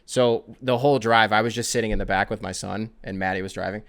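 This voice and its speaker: A man's voice: lowish voice, fairly even intonation, fast, creaky, fairly bright tone, clear, resonant tone. Rambling, jokey male podcast host. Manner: rambling, profane, jokey storytelling. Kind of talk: casual solo sports podcast chat.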